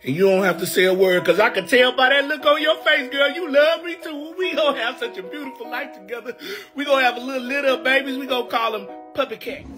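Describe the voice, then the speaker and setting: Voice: high voice, fast, few pauses, over music, lightly acted. A performer voicing a cheeky, back-talking male pet dog in a funny video. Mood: sassy.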